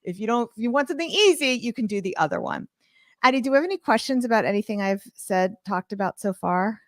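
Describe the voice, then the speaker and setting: A woman's voice: on the high side, lively intonation, quick pace, dry recording. A woman leading a live online class, talking casually with jokey asides about her studio microphone setup at home. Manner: chatty, informal, jokey asides. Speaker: online art course instructor.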